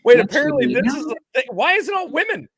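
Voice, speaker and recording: A man's voice: very high-pitched, very animated, background noise. A man co-hosting a casual podcast, joking around as he reacts to videos. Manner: joking, quick to laugh along. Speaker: podcast co-host.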